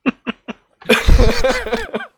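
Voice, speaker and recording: A man's voice: extremely high pitch, huge pitch swings, drawn-out words, fairly bright tone, slightly rough, no echo. A man chatting casually with friends, teasing them and laughing easily. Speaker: friend in group voice chat. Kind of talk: casual chat.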